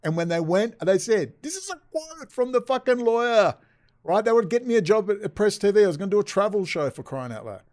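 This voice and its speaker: A man's voice: sits high, big pitch swings, brisk, darkish tone. Profane man, rambling. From Australia. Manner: profane, agitated, digressive. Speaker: vlogger. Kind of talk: rambling casual storytelling.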